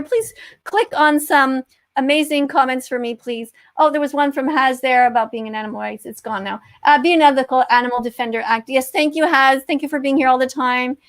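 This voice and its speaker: A woman hosts a livestream chat in a high voice. She talks emphatically and moralizes, often repeating her words. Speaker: host.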